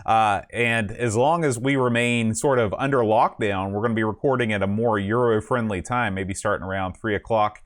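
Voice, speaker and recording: A man hosts a live podcast stream in a loose, casual chat. His voice is smooth and resonant, and he rambles in a self-deprecating way, full of fillers. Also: on the low side, moderate pace, hardly any pauses. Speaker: podcast host.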